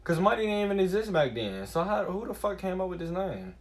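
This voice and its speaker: Animated, profane man musing aloud. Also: high-pitched, fairly quick. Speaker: streamer. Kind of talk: casual rambling monologue.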